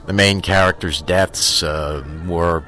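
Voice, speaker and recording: A man with a very deep, low voice tells a story from a film set in a relaxed interview. He stumbles through fillers and restarts, swears freely, and acts out the people he quotes with lively energy. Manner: halting, full of fillers and restarts. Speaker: actor telling an on-set story. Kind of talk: casual interview anecdote.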